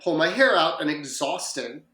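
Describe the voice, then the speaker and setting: A man's voice: fairly high pitch, lively intonation, normal speed, bright, forceful tone, echoey room. A man co-hosting a podcast, chatting casually and rambling through a story with fillers and self-corrections. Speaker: podcast co-host. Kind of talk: casual chat.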